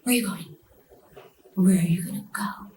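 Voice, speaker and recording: A woman's voice: medium pitch, a little slow, echoey room, recorded from a distance, a little hiss or hum, lightly acted. A woman putting on the voice of a taunting male devil, mocking and menacing, at times dropping into a whisper.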